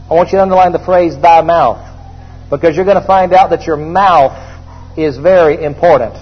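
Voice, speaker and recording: Husky high-voiced preaching pastor. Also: male voice, moderate pace, dull audio. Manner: emphatic call-and-response preaching. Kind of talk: sermon. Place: church.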